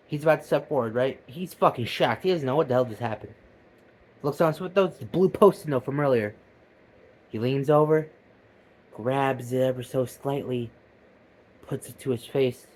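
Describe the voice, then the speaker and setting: A man excitedly retelling a video he watched, swearing often and swinging between loud outbursts and low asides. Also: normal speed. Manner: animated, profane, jumps between loud outbursts and mutters. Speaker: video reactor.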